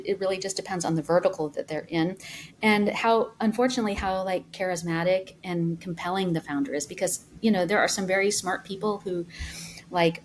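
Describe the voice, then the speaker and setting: A woman in her fifties, a founder talking as a podcast guest, telling stories in a lively way with many fillers. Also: fairly low pitch, a little hiss or hum. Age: 50s. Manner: animated storyteller, many fillers. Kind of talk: casual interview talk.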